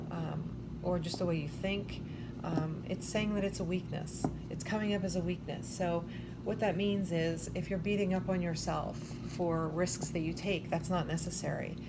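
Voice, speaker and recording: Woman, tarot reader, casual chat, lower voice, slightly breathless, filler-heavy, loud noisy recording. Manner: chatty, many fillers, thinks aloud. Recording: loud background noise.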